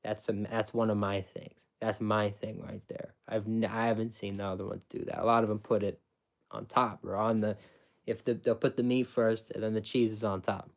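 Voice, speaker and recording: Here a man with a fairly low pitch and level tone talks at normal speed about how he makes sandwiches, drawing on his time at a sandwich shop. He goes step by step, casual and emphatic, often repeating and starting over.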